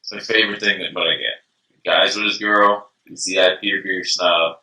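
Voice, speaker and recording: A man's voice: low voice, moderate pace, recorded from a distance. A man co-hosting a comedic beer tasting show, bantering and cracking jokes in casual chat. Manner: joking, animated banter. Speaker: co-host of a beer tasting web series. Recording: echoey room, voice away from the mic.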